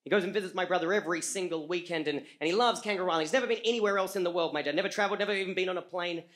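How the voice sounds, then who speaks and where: An Australian man telling a comic story on a live stage, halting with frequent repeats and fillers. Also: sits high, fairly bright tone. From rural Australia.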